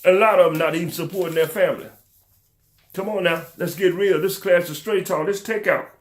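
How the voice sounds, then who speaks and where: Fervent high-voiced man preaching at listeners. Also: brisk. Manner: fervent, scolding, rhetorical questions. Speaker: educator hosting a local talk show. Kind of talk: preacher-like call-and-response commentary.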